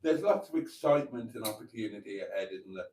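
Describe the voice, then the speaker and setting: A man's voice: lowish voice, expressive, fast, mellow, slight background noise. A man hosting a casual livestream, reading viewer messages aloud in a camp, joking way. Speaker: livestream host. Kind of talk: casual live chat reading comments.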